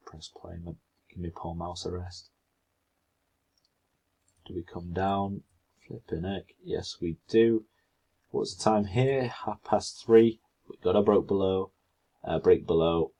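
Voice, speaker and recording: Low, husky man rambling on. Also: a little mellow. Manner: chatty, rambling, self-talking asides. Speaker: trading educator. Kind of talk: casual screen-share commentary.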